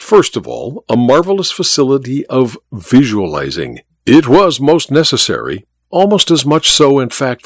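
A man reading a story aloud as narrator in a measured, expressive way. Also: medium pitch, no room sound, clean studio sound. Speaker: audiobook narrator.

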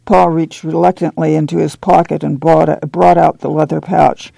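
A man reading a novel aloud for a radio program in plain, even narration at a close studio microphone. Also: on the high side, moderate pace, creaky, few pauses, dry recording, low-quality recording. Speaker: audiobook reader.

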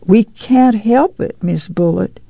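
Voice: medium pitch, takes it slowly, vocal fry, dark tone, husky, no echo, dull audio, voice pushed up, full character voice. A reader voicing a poor, timid mother, pleading in a meek, whining voice.

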